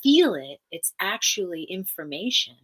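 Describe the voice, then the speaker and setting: A woman's voice: on the low side, very animated, measured pace. A woman therapist as a podcast guest, speaking earnestly and emphatically in a teaching manner and repeating key phrases.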